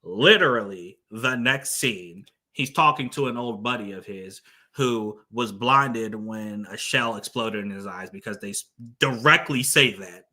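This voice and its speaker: A man's voice: fairly low pitch, sharp tone. A man giving a casual spoken movie review, blunt and exasperated, full of fillers and restarts.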